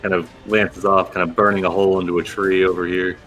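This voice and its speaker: A man narrating as game master of a tabletop role-playing game, in a relaxed, chatty way. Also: low-pitched, fast talker, faint music behind.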